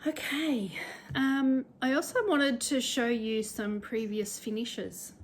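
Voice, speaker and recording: A woman's voice: a little high, steady tone, slow, slight background noise. A middle-aged Australian woman chatting casually and rambling cheerfully about sewing and stitching at home, now and then poking fun at herself. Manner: chatty, rambling, self-deprecating. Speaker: cross-stitch vlogger. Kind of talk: casual chat.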